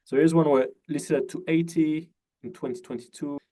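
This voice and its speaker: This host has a fairly high, warm, steady voice and a moderate pace as he runs a relaxed interview over video call. He leans on fillers like "uh" and "you know" and steers with leading questions.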